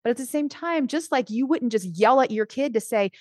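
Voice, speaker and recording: A middle-aged Christian life coach talks on a casual podcast, earnest and animated, often restarting her sentences. Her voice is on the high side and brisk with few pauses, captured in a dry, clean studio recording.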